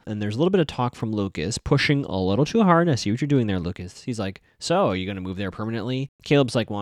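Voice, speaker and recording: A man giving a casual, chatty recap of a TV episode, acting out the characters' lines in quick asides. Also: lowish voice, no room sound, studio quality. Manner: chatty, animated, with quoted asides.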